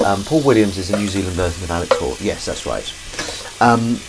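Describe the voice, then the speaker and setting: A man's voice: sits low, fairly quick. A man hosting a live stream, chatting casually and rambling to viewers while washing up in his kitchen. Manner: rambling, self-correcting, chatty asides to viewers. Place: home kitchen. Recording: loud sink and kitchen noise.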